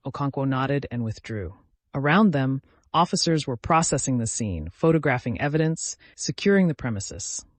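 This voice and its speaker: A man reading a thriller romance story aloud in a measured, dramatic way. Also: mid-range voice, lively intonation, no echo. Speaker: narrator. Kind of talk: scripted narration of a thriller romance.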